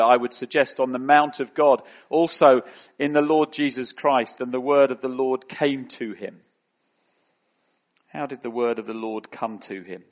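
Male preacher, sermon, very slow delivery, mid-pitched voice, rising emphatic questions.

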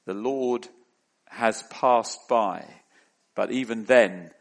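A man preaching a sermon in a measured, deliberate way, rising into emphatic questions. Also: lowish voice.

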